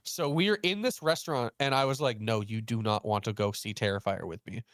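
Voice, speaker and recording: Here a young man hosting a laid-back chat tells a story at a brisk clip, performing both sides of the dialogue. His delivery is animated, with pitch leaps on the quoted parts, and the clean studio audio carries no echo.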